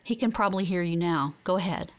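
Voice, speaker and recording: A woman voicing a woman medic who gives quick, reassuring instructions. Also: lowish voice, close to an everyday voice.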